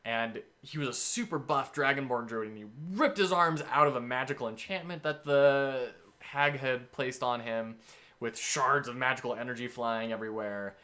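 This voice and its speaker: Male game master, casual and enthusiastic, rambles through his scenario with a bright voice. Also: mid-range voice, moderate pace. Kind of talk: casual game-prep talk.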